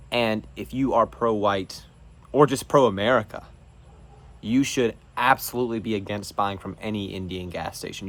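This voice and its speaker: A man's voice: fairly low pitch, fairly bright tone. A man from North Carolina, hosting his own show and delivering an emphatic, preachy monologue. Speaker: show host. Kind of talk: political monologue.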